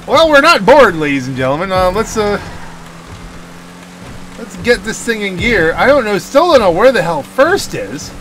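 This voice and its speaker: A very animated gaming channel host with a high, fairly bright voice talks at a moderate pace, cracking jokes to himself during a racing let's-play. His home gaming microphone clicks audibly, and the noisy recording carries car and game sounds plus faint music.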